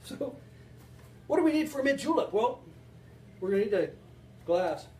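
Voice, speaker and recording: A man's voice: very high-pitched, big pitch swings, moderate pace, darkish tone. A man hosting a home cocktail show, rambling and joking as he talks to his viewers while mixing a drink. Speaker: home bartending show host. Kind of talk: joking casual cocktail demo. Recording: echoey room, distant mic.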